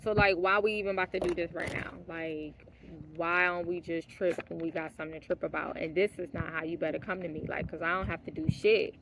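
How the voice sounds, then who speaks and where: A woman vlogger telling a personal story in a casual monologue, blunt and profane, dropping to hushed asides and then rising into heated outbursts, laughing now and then. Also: lowish voice, fairly even intonation, fairly quick, few pauses, noisy background. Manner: laughs mid-sentence.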